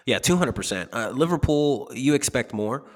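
A man's voice: medium pitch, expressive, moderate pace, big-room sound. A man co-hosting a casual soccer podcast, blunt and profane, laughing often. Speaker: podcast co-host. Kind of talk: casual sports podcast chat.

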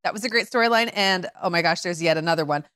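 A woman in her forties from the American Midwest, co-hosting a podcast in animated casual chat full of fillers. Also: on the low side, fast talker, smooth, dry recording, studio quality. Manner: animated, chatty, lots of fillers and mimicked voices. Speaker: podcast co-host.

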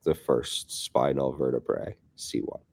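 A man's voice: a bass voice, fairly even intonation, a little slow, vocal fry, a little mellow. A man with a head cold and a nasal voice, a neuroscientist guest in casual chat, wry and self-deprecating. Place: basement of an office building.

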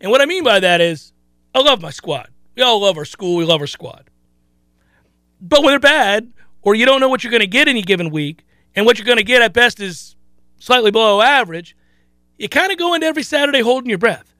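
A man's voice: extremely high pitch, animated, a little fast, sharp tone, no room sound. A man hosting a sports talk show, chatting animatedly about his team and often restarting his sentences. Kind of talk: casual sports talk commentary.

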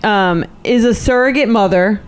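A woman's voice: medium pitch, clean tone. A woman in casual chat, teasing and asking pointed questions. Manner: teasing, questioning, quick reactions.

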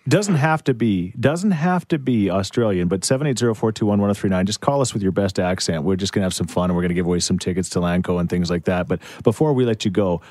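A man's voice: deep voice, expressive, fast, hardly any pauses, a little mellow, no room sound. A male radio host in the studio, joking loosely with lots of fillers. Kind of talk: morning radio chat.

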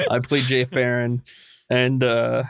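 A laid-back man chatting casually as a player, easygoing with little laughs between phrases. His voice is mid-pitched and sounds dry, with no room around it. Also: no echo. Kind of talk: casual chat.

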